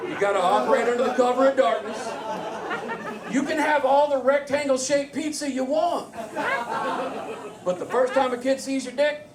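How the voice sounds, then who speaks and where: A man's voice: extremely high pitch, normal speed, pauses often. A man with a Southern accent doing a brash, crude stand-up set, bantering with the crowd in a bar. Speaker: stand-up comedian. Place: comedy bar stage. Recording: echoey club from far off, crowd.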